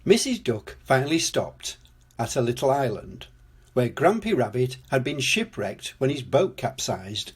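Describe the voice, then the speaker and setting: A man's voice: mid-range voice, measured pace, breathy edge. Older man reading a children's storybook. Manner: gentle, expressive reading.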